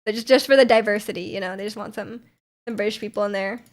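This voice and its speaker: A woman's voice: mid-range voice, fairly even intonation, fast. A young woman livestreamer in casual chat, rambling and laughing often as she answers her chat.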